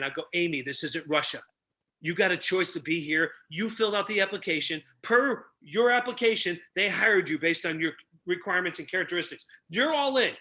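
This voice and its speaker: A middle-aged man who tells stories with a lot of energy on a podcast and acts out the people he quotes. He works as a relationship coach. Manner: energetic, acts out quotes with big pitch jumps. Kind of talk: animated storytelling.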